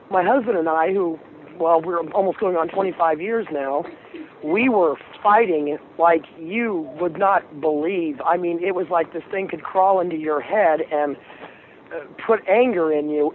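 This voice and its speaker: A woman phones in to a radio talk show and tells her story in an earnest, halting way, with plenty of ums and restarts. Her voice comes through a tinny phone line. A faint hiss sits underneath it. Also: fairly low pitch. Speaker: caller. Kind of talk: call-in storytelling.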